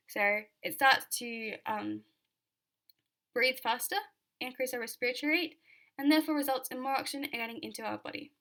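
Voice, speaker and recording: A woman's voice: fairly high pitch, fairly even intonation, moderate pace, gravelly, a bit bright. A young Australian woman giving a chatty exam revision lecture, full of fillers and repeated key points.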